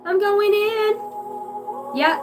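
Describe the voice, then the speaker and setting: High-voiced profane woman, distant mic. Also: very slow, faint music behind. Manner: profane, giggly, free-associating. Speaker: psychic reader on a livestream. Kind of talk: rambling channeled reading to viewers.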